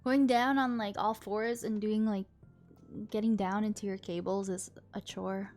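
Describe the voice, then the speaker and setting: A woman's voice: mid-range voice, steady tone, measured pace, darkish tone, soft background music. A woman streaming live, chatting casually with viewers while fixing tech trouble.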